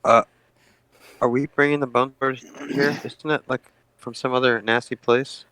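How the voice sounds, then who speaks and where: A man playing a tabletop game, wry and quick to crack jokes. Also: medium pitch, fairly even intonation, sharp tone, no room sound, rough recording. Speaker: player. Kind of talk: casual tabletop play.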